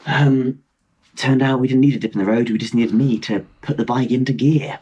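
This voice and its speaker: A young man in his twenties, telling a travel story on a video call as a podcast guest, animated and rambling, mocking himself and restarting his sentences. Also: medium pitch, fairly quick, breathy edge, lo-fi sound. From Britain. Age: 20s. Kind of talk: casual storytelling chat.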